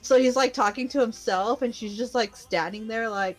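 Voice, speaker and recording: A woman's voice: on the high side, moderate pace, soft background music. A young woman co-hosting a casual podcast, retelling an anime episode with lots of giggles and fillers. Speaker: podcast co-host recapping an anime. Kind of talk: casual chat.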